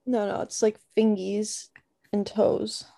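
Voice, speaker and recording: A woman's voice: medium pitch, flat delivery, takes it slowly, creaky, mellow. A young woman podcast co-host from Canada, chatting casually and telling a story with lots of fillers. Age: young adult.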